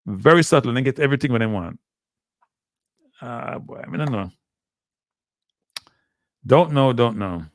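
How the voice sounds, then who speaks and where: A man's voice: medium pitch, normal speed, pauses often, no echo, clean studio sound. A man hosting a casual live stream, talking animatedly and repeating himself as he calls out to his viewers. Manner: animated, repetitive, addresses viewers as "people". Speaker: livestream host.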